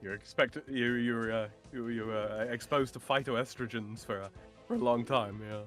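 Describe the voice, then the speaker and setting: A man chatting casually on a stream, opinionated, with halting starts and chuckles. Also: mid-range voice, steady tone, fairly bright tone, soft background music. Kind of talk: casual chat.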